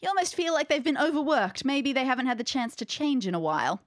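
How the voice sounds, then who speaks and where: Bright-voiced woman game master. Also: high voice, expressive, fast, dry recording, studio quality. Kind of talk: narrating a tabletop game.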